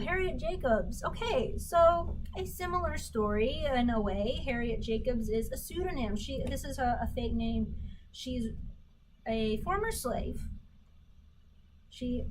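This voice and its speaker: A woman gives a recorded history lecture in a voice pitched a little high. She asks questions, answers them herself, and reads out passages from documents. A faint hum of room ambience runs under her voice. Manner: reads quotations aloud. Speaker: history instructor.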